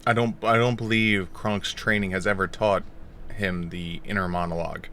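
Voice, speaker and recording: A man's voice: low-pitched, steady tone, moderate pace, bright, forceful tone, a little hiss or hum. A man playing a tabletop role-playing game, arguing his point at rambling length. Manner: argumentative, rambling. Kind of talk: casual chat, arguing a point.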